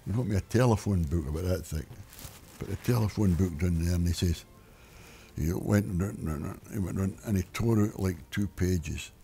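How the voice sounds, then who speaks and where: A man's voice: sits low, normal speed, mellow, a little hiss or hum. An older retired man rambling through a personal story, wry and full of restarts. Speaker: interviewee.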